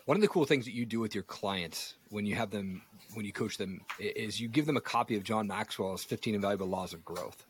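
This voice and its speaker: A man's voice: lowish voice, brisk, few pauses, a little hiss or hum. A man hosting a podcast interview, asking questions and encouraging his guest. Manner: encouraging, affirming listener. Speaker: podcast host.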